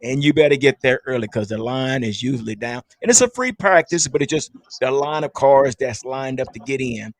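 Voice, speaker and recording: A man's voice: mid-range voice, brisk, few pauses, dry recording. A man hosting a casual sports fan podcast, upbeat and chatty, laughing often. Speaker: podcast host.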